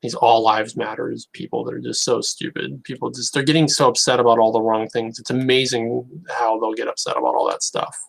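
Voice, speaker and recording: Gravelly man rambling to camera. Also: medium pitch, level tone, poor audio. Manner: rambling, halting, wry. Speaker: online creator. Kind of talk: casual monologue to camera.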